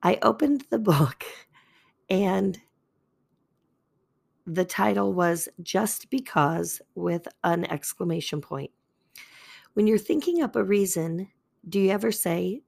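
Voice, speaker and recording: An older woman hosting a faith podcast, talking calmly in a chatty, self-deprecating way. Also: mid-range voice, takes it slowly, vocal fry, long pauses. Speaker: podcast host. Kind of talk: gentle faith podcast talk.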